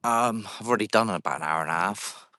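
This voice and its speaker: A man's voice: on the low side, quick pace, pushed and bright, dry recording, clean studio sound. A man hosting a paranormal livestream outdoors in a cemetery, chatting casually with viewers and calling out to spirits on a handheld phone. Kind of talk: casual live-stream chat.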